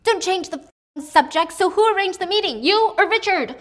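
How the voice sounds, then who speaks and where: A woman voicing a spoiled rich news anchor who yells and demands answers. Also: high-pitched, lively intonation, a little fast, voice pushed up. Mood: furious. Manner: shouting, angry, demanding.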